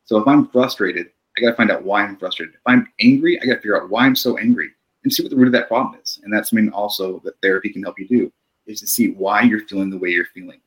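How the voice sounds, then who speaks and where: A middle-aged man, a therapist, talking calmly and reflectively in a podcast conversation, often checking in with "right?". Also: on the low side, fast, poor audio. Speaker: therapist guest.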